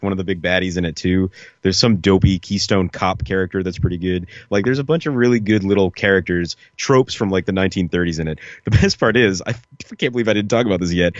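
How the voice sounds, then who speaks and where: A low-voiced man co-hosts a podcast, talking briskly in a casual, enthusiastic ramble packed with fillers like "like" and "you know." There's no room sound, and the lo-fi podcast audio is dull.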